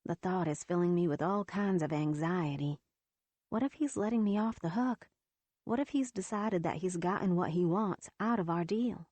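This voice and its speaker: A woman narrating a first-person romance audiobook in a steady, measured reading. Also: on the low side, dry recording.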